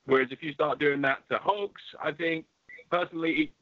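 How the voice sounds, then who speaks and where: A man hosting an interview, asking leading questions in a relaxed conversational way. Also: on the high side, normal speed, dry recording, highs cut off. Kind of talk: casual interview talk.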